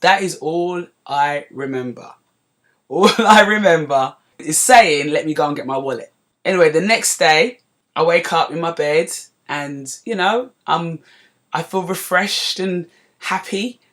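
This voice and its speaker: A woman in her forties from North London with a London accent, hosting a podcast and telling a story in a lively, chatty way with asides to her listeners. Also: lowish voice, takes it slowly. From North London, England. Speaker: podcast host. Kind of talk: casual storytelling monologue.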